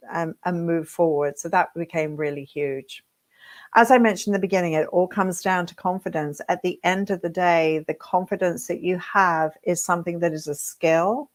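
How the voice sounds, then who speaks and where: A British woman, a hairdressing coach, telling her career story straight to camera with lively check-ins to her viewers. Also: lowish voice. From Britain. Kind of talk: reflective direct-to-camera talk.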